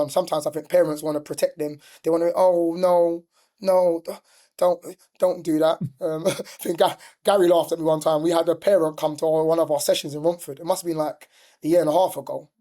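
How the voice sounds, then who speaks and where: His voice is warm and on the high side. He's a middle-aged youth football coach and ex-pro player, telling stories in an easygoing podcast conversation loaded with "like" and "do you know what I mean."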